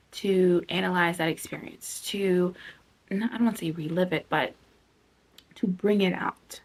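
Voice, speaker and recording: Husky-voiced woman guiding a reflection. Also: lowish voice. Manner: chatty, self-interrupting, drops to a soft near-whisper at times. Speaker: self-help video host. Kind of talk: casual guided reflection.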